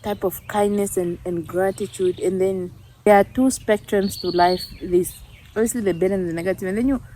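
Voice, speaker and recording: A woman's voice: mid-range voice, fairly even intonation, moderate pace, warm tone, slight background noise. A young woman from Namibia talking casually in a vlog, earnest and reflective, often laughing at herself. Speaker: YouTuber.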